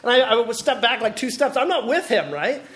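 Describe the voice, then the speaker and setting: A man from the Pacific Northwest of the US preaching a sermon as a pastor, animated and full of rhetorical questions. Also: very high voice, a little fast, husky.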